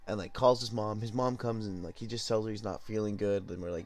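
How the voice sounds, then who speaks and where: A young man hosting a podcast, telling a story in a rambling, profane, laid-back way while high. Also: quick pace, few pauses. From Southern California. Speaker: podcast host. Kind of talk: casual storytelling.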